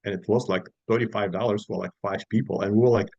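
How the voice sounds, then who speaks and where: A middle-aged man with a Russian-speaking accent, from Uzbekistan, talks as a podcast guest, animated and full of fillers as he acts out the people in his stories. His voice sits at an ordinary pitch for a man, and the recording is dry and close. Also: rapid-fire, vocal fry, few pauses, no echo, rough recording. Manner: animated storyteller acting out quoted voices, many fillers. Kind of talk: casual storytelling interview.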